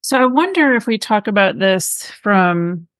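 A woman hosting an interview podcast, gently probing her guest with follow-up questions. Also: mid-range voice, expressive, measured pace, dry recording. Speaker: podcast host.

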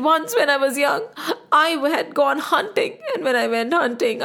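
A woman's voice: high voice, vocal fry, a bit bright. A woman doing a grieving old king, tearful. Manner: tearful, crying out. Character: grieving old king, guilt-stricken and wailing.

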